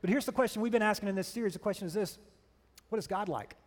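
A pastor preaching a sermon, telling stories with animated energy and checking in with "right?". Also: male voice, sits high, quick pace, in a large hall. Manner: animated storytelling, keeps asking "right?".

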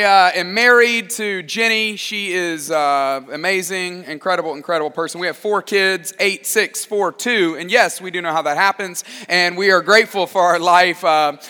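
A man in his thirties delivering a sermon in a relaxed, joking, self-deprecating way. His voice sits high and sounds bright and forward. The sound carries a long hall reverb, as from a large church. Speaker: pastor.

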